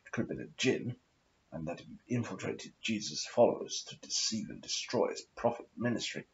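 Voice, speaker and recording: A man's voice: fairly low pitch, lively intonation, moderate pace, muffled recording. A man in a rambling casual monologue, talking in an affected, posh, aristocratic put-on voice and swearing often as he meanders. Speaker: vlogger.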